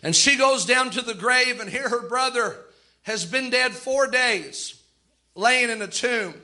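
A man preaching a fervent sermon, acting out the voices of people he quotes, with dramatic pauses. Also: very high-pitched, sharp tone.

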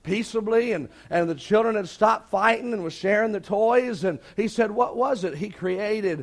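A man's voice: sits high, moderate pace. A man preaching a sermon, telling a long anecdote in a folksy way and acting out the quoted dialogue. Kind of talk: sermon storytelling.

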